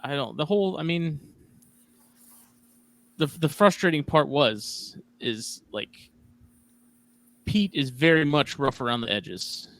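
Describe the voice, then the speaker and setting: A man's voice: fairly high pitch, slow, creaky, pauses often, fairly bright tone, no room sound. A man hosting a podcast in casual chat, telling stories animatedly and acting out his own past remarks. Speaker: podcast host.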